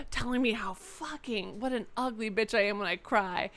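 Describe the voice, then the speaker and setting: A woman's voice: fairly high pitch, moderate pace, few pauses, fairly bright tone. A young woman livestreaming a game, chatting candidly and rambling to viewers, swearing freely, into a desk microphone. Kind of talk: casual live-stream chat while gaming.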